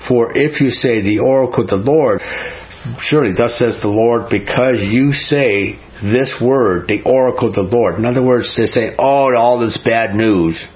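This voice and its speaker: A man's voice: medium pitch, moderate pace, lo-fi sound. A man teaching a Bible chapter verse by verse in a folksy way, often asking "right?" and laughing.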